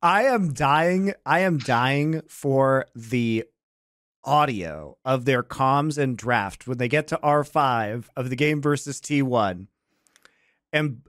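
Halting man on a dry mic. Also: mid-range voice, no echo. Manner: halting, restarts, laughs along. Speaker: podcast co-host. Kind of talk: casual podcast banter.

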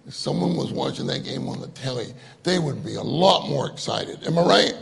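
A man's voice: mid-range voice, animated, brisk, gravelly, hardly any pauses. A man giving a conversational sermon, joking and laughing with the audience as he asks them questions. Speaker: conference speaker.

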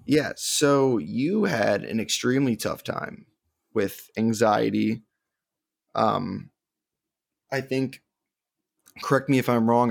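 Gravelly young man, rambling and earnest. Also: mid-range voice, dry recording, clean studio sound. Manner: rambling, filler-heavy, earnest. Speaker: podcast co-host. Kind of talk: casual chat.

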